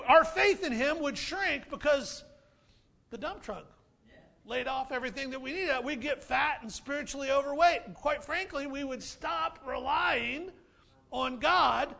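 A male pastor giving a lively sermon in a high, gravelly voice. He talks playfully and leans on repetition to drive points home. The tone is bright and forward. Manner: animated, playful, repeats key phrases.

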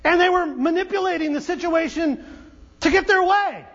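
Male pastor, very high voice, animated joking sermon; dull recording in a reverberant church. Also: normal speed. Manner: animated, joking storyteller with restarts. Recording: dull audio with long hall reverb.

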